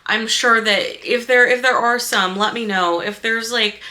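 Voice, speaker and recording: A woman's voice: fairly high pitch, steady tone, unhurried, sharp tone. A young woman reviewing a book in a casual vlog, rambling and repeating herself as she talks to her viewers.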